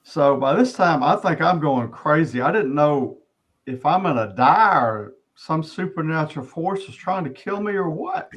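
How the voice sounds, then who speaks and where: A middle-aged man tells his personal testimony as an interview guest, his voice sitting a little high for a man. He speaks earnestly, often pausing and restarting his sentences. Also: expressive.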